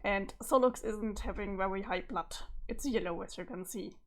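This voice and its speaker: A woman's voice: mid-range voice, moderate pace. A woman, a streamer reading a web comic aloud and chatting, sometimes searching for words. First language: German. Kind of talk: casual read-along commentary.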